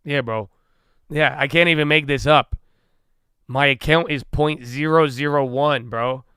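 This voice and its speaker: A man's voice: on the high side, a little slow, sharp tone, smooth, dry recording, clean studio sound. A young man hosting a casual livestream, talking animatedly, swearing freely and acting out his own inner dialogue. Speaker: livestream host.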